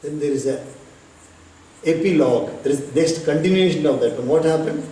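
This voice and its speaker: A man, a spiritual teacher telling a devotional story in an unhurried way, with pauses and bits of chanting. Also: fairly high pitch, mellow. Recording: echoey hall, distant mic, faint noise.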